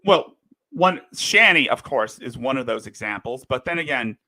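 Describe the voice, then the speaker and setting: A man's voice: medium pitch, expressive, moderate pace, pushed and bright, no echo. A man in a heated, profane commentary rant, lurching between fury and apology. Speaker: livestream commentator. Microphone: desk microphone.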